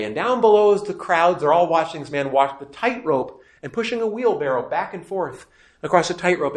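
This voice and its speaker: Animated priest teaching in a roomy hall. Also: male voice, a little high. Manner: animated, asks the class rhetorical questions. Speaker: priest teaching a Bible class. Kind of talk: conversational scripture lesson. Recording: roomy echo.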